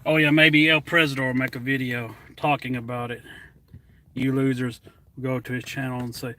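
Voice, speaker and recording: A man's voice: medium pitch, level tone, normal speed, pushed and bright, a little hiss or hum. A man livestreaming a rambling, defiant rant, mocking his critics over and over, slightly out of breath.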